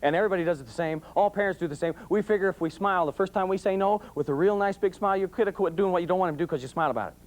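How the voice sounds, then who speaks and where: A man's voice: high-pitched, very fast, hardly any pauses. A middle-aged man giving a folksy, humorous talk on raising children, acting out voices as he tells stories. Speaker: police sergeant giving parenting talk. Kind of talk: folksy talk to a live audience.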